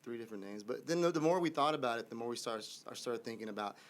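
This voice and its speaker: A man's voice: medium pitch, expressive, fast. A man from the band answering interview questions in a radio studio, rambling and restarting as he talks. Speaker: band member. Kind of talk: casual interview talk.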